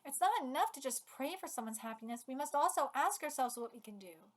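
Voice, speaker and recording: A woman streaming a live manga reaction, excitable and emotional, swearing as she gushes. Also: high voice, a little fast.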